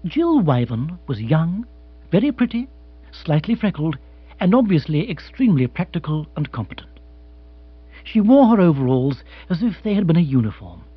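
A man narrating an audiobook in an expressive, measured way. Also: fairly high pitch, husky, no room sound. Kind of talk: scripted narration. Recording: dry, slightly dull audiobook.

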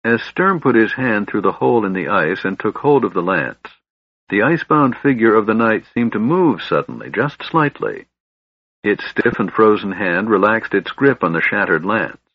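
A man reading fantasy narration in a steady, measured storytelling voice. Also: fairly low pitch, no echo, muffled recording. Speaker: audiobook narrator.

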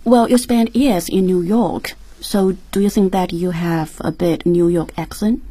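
A woman co-hosting a radio English lesson, summarizing passages and asking the guest questions in a lively way. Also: lowish voice, a little slow, slightly rough.

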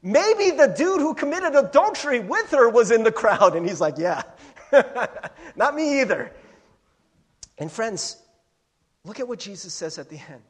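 Animated husky-voiced male pastor. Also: extremely high pitch, normal speed. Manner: animated, laughing storyteller acting out voices. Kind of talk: sermon.

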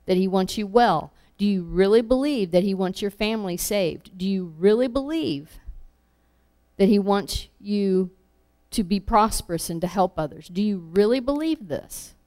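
A woman's voice: mid-range voice, warm tone. A woman preaching a sermon, earnest and repeating key phrases for emphasis.

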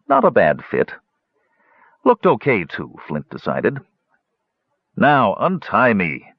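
Low, expressive male fantasy narrator. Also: dry recording, highs cut off. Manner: expressive storytelling. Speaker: audiobook narrator.

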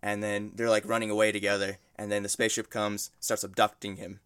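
A man's voice: on the low side, flat delivery, a little fast, a bit bright, clear, resonant tone, dry recording, studio quality. Man rambling through a movie plot. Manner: rambling storytelling, laughs often, acts out quotes. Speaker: guest describing a movie. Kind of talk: casual podcast chat.

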